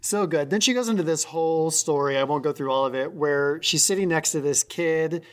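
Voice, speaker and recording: A woman co-hosting a podcast in casual chat, telling stories animatedly. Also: a little fast. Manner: animated storyteller, jumps high on excited lines. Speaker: podcast co-host.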